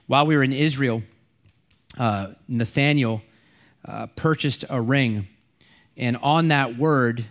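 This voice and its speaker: A middle-aged man preaching a sermon in a conversational way, repeating and stressing key words. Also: on the high side. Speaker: pastor.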